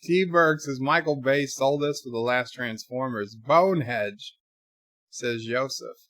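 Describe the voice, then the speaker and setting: A man's voice: medium pitch, a little slow, a bit bright, no room sound, studio quality. A man casually commenting on a film while reading viewer chat aloud, with wry, sarcastic asides and frequent fillers. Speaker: streamer watching a film with chat.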